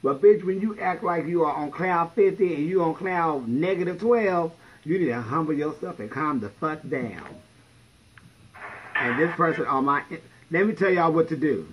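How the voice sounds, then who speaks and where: A man's voice: on the high side, expressive, moderate pace, lo-fi sound, a little hiss or hum. A man in drag livestreaming from home, telling stories with a blunt, profane, sassy manner. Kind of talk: casual livestream storytelling.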